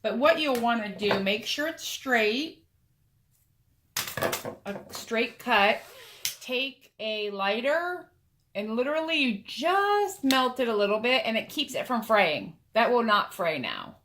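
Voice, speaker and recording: A woman's voice: fairly high pitch, sing-song, slow pace, background noise. A woman talking through a sewing and painting craft tutorial in a casual, chatty way, speaking straight to the viewer as she works. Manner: chatty, talks to the viewer while working. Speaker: craft vlogger.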